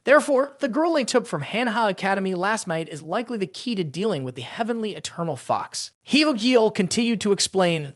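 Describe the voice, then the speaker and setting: A man with a high, bright voice narrates a fantasy recap, his pitch swinging freely from line to line. The sound is close and dry, with no room around it. He keeps a brisk, storytelling drive. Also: big pitch swings, no echo.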